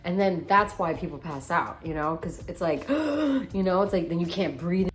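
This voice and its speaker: A woman's voice: on the low side, moderate pace, faint music behind. A young woman, a tattoo artist, telling stories in a casual vlog and acting out the voices of the people in them. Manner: animated storyteller, reenacts voices.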